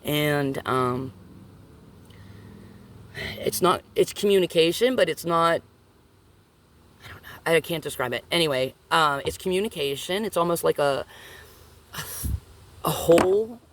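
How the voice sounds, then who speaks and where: A woman's voice: sits low, animated, a little slow, long pauses, slight background noise. A woman vlogger telling a rambling personal story in casual, profane speech, often checking in with her listeners.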